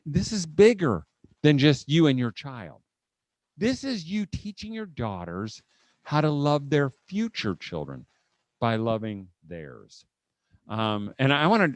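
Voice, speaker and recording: A man's voice: medium pitch, dry recording. Folksy middle-aged man telling family stories. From Indiana, USA. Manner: folksy anecdotal storytelling, chuckles often, acts out family moments. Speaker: conference speaker. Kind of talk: humorous parenting talk to a live audience.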